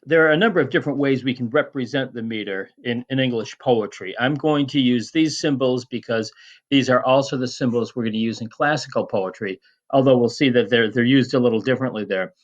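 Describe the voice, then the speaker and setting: A man teaching Latin poetic meter in a recorded lecture, measured and prone to restarts and fillers. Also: mid-range voice, lo-fi sound.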